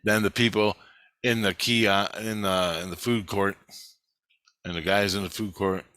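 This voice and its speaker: Low-voiced man, profane agitated rant, bright edge, dry close sound. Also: steady tone, measured pace, dry recording. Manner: profane, agitated, repeats himself. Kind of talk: angry rambling monologue.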